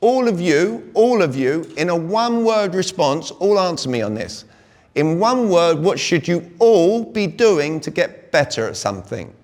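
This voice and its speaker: Energetic British male seminar coach, slightly high voice, reverberant hall. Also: a little slow. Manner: energetic, fires rhetorical questions at the crowd. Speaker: communication coach speaking to a sales audience. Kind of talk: live seminar talk. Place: large hall with an audience.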